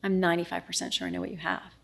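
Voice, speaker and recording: A middle-aged woman, appearing as an interview guest with a news anchor, races through an emotional account of a personal ordeal. Her slightly low voice has a gravelly fry and a completely flat delivery, yet she is earnest. Reenacting conversations, she often drops to a near-whisper.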